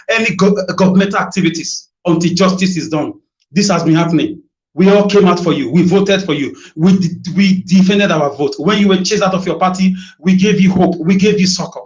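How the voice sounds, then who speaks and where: A Nigerian man making an emotional, accusing public appeal, repeating phrases for force. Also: sits high. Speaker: citizen addressing a governor in a video. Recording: dull lo-fi video audio.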